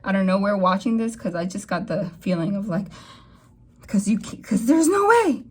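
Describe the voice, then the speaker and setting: A young adult woman giving a casual tarot reading to camera, rambling and emotional, with sudden excited jumps in her voice. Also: mid-range voice, moderate pace, breathy edge. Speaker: tarot reader.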